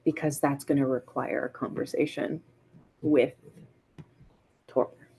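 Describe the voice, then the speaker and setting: A woman's voice: very deep voice, steady tone, a little slow, warm tone, slight background noise, rough recording. A woman playing a tabletop game, speaking hesitantly with many fillers. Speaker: player.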